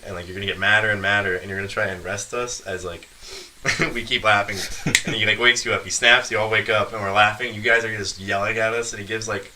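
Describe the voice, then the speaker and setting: Bright-voiced young man telling a story. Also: fairly low pitch, slight background noise. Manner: laughing often while telling a story. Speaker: podcast guest storyteller. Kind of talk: casual chat.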